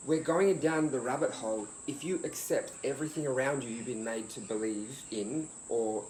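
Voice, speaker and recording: A man of middling pitch who breaks in eagerly to ask questions. He then turns and addresses the listeners directly. His voice rings out in a roomy, echoing space. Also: normal speed, darkish tone, a little hiss or hum. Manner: interjects eagerly, then speaks to the audience. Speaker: interview guest. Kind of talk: conversational interview.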